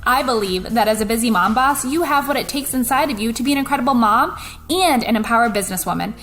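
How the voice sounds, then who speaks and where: A woman's voice: a little high, lively intonation, fast talker, fairly bright tone, soft background music. A woman, hosting a casual motivational podcast from her home kitchen in a chatty, upbeat, folksy way. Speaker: podcast host and network marketing coach.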